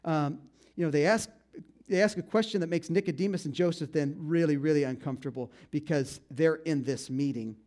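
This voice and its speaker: A man preaching in a loose, conversational way, bringing the story to life for his listeners and often tossing in a casual "you know." His voice sits a bit on the high side for a man. He talks to the congregation as if chatting with them. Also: a little fast, a little mellow. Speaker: pastor.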